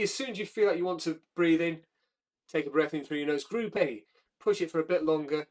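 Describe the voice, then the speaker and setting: A man leading a breathwork class, calmly talking listeners through each step with frequent fillers and self-corrections. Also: fairly high pitch, brisk. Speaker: breathwork instructor.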